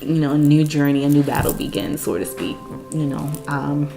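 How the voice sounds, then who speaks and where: Woman, deep voice, candid personal testimony, soft guitar behind. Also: level tone, moderate pace, creaky. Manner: earnest and candid, frequent "you know". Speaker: mother sharing her infertility story. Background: soft guitar music.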